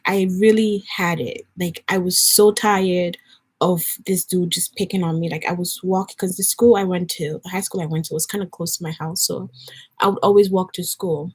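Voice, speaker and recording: Chatting for her vlog, this woman from Nigeria, in her twenties, shares a personal story in an earnest, meandering way full of fillers. Her medium-pitched voice has a darkish tone and a breathy edge.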